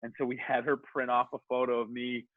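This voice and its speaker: Casual male storyteller, rambling and animated, swears freely, tinny phone-like sound, dry. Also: mid-range voice, fast talker, no room sound. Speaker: podcast guest.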